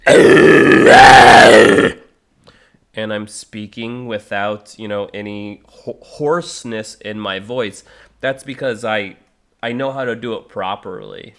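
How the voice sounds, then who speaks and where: A man's voice: on the low side, unhurried, a bit bright. A man in his thirties chatting on a live stream, rambling with many fillers and restarts, now and then breaking into harsh vocal demonstrations. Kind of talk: casual live-stream chat.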